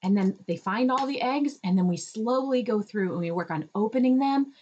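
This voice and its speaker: A woman, a speech therapist, talking parents through home activities with plenty of "um" and "right?", now and then slipping into a bright, slow, child-directed voice to show how it's done. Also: expressive, lo-fi sound. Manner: demonstrates child-directed talk with raised pitch and drawn-out words; uses fillers and frequent "right?". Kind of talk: instructional talk to parents.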